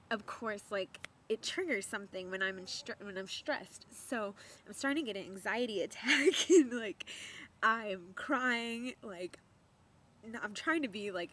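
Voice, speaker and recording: A young woman vlogger telling a story to camera in a chatty, animated way, laughing often and repeating words for emphasis. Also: medium pitch, a little hiss or hum.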